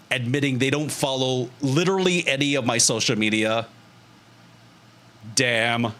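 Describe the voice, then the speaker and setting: A man's voice: medium pitch, fairly bright tone. A young man hosting his own art livestream, chatting casually with viewers, laughing often and swearing freely. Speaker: streamer.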